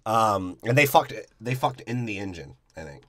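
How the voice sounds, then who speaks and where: Low-voiced man in crude, rambling chat. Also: animated, moderate pace, fairly bright tone, no room sound. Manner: crude, profane, rambling with many fillers. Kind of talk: casual movie recap chat.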